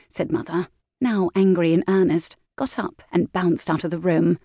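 Lowish-voiced woman reading a classic novel. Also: no room sound, studio quality. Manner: measured, expressive storytelling. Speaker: audiobook narrator. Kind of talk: scripted narration of a classic novel.

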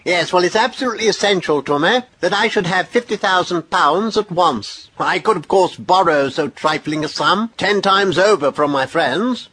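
A man voicing a brisk, imperious aristocratic nobleman who is in a hurry, with a slightly husky voice. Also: high voice, bright, forceful tone, no room sound, exaggerated voice. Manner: curt, imperious.

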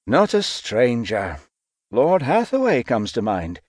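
A woman voicing a stern, unbending aristocratic father in an audiobook, slow and commanding. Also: a bass voice, huge pitch swings, darkish tone, slightly rough, no room sound, studio quality, voice pushed down, heavily acted. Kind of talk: audiobook character voice.

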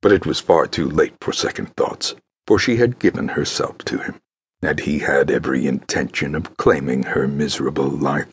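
Very deep husky male narrator. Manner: measured, grave storytelling. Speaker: audiobook narrator. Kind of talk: scripted narration.

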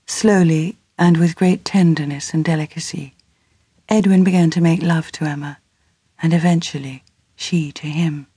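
A woman reading a novel aloud as an audiobook narrator in measured storytelling. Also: low voice, fairly even intonation, warm tone, husky, no echo, studio quality. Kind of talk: scripted narration.

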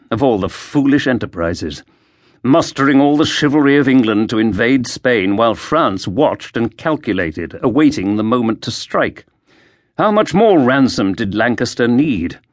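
A man narrating a historical mystery audiobook in a lively, expressive way, recorded close to a studio mic. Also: mid-range voice, dry recording. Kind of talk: scripted narration.

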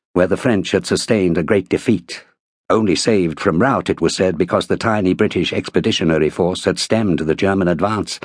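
A man reading an audiobook in a measured, steady scripted narration. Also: low-pitched, dry recording, clean studio sound.

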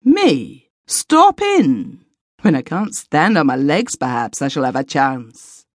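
A woman's voice: sits low, huge pitch swings, slow, no room sound, studio quality, heavily acted. A woman reading as a pushy, exasperated elder brother. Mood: gruff. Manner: persistent, questioning, exasperated.

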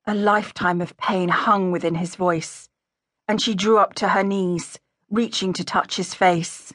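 A woman's voice: lowish voice, steady tone, a little slow, no echo. Woman narrating an audiobook, dry. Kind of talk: scripted narration. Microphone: close studio mic. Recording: dry close-miked studio.

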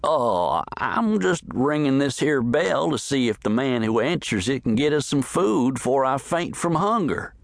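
A man's voice: medium pitch, big pitch swings, a little slow, gravelly, hardly any pauses, dry recording, studio quality, voice pushed up. A man voicing a folksy, sheepish young male cowhand who is hungry.

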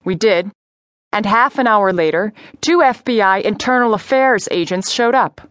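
A woman voicing a tough female New York detective who gives crisp, commanding orders in an audiobook. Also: medium pitch, expressive, moderate pace, fairly bright tone, dry recording, clean studio sound, lightly acted. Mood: businesslike. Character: tough female NYPD detective, cool under pressure. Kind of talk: audiobook character voice.

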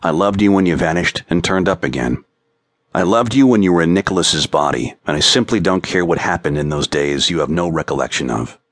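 A male narrator voicing a captive woman who speaks slowly and clearly in a composed way. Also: sits low, no echo. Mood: tender, resigned. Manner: slow, clear, composed speech. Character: captive woman pleading steadily on video.

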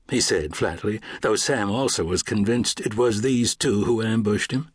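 Male audiobook narrator, low and a little husky, measured western storytelling. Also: dry recording, studio quality. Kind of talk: scripted narration.

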